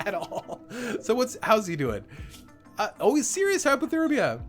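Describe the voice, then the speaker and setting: A young man streams his gameplay live, talking in an animated, lively way with a slightly high voice. He jokes darkly and laughs often as he plays. Faint game music sits underneath. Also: slow pace, long pauses. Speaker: gaming livestreamer.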